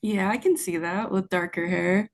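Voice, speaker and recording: A young woman co-hosts a podcast in easy, agreeable chat, laughing often between remarks. Her voice sits at a middle pitch for a woman. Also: fairly even intonation, normal speed. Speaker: podcast co-host. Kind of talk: casual chat.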